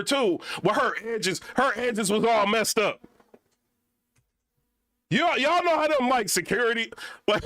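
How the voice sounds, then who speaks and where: A man's voice: high-pitched, sharp tone, no echo. A young man vlogging in a casual, rambling rant full of slang.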